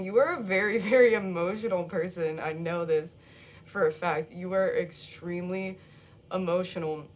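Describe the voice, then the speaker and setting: A woman's voice: fairly low pitch, measured pace, slight background noise. Chatty emotional woman reading tarot. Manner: chatty, emotional, repeats words, laughs often. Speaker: tarot card reader. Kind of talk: casual tarot reading to camera.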